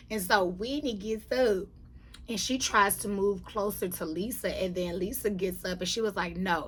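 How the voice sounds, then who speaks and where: A woman's voice: medium pitch, husky. A woman giving a sassy, slangy, emphatic recap of a reality TV episode. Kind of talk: casual recap commentary.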